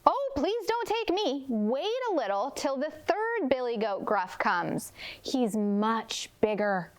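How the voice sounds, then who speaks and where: A timid little male billy goat, as a woman puts him on for a storybook reading, begging in a thin, squeaky voice that jumps well above her own. The lines rise high and swoop around with lots of lively movement. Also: slow, exaggerated voice. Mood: pleading.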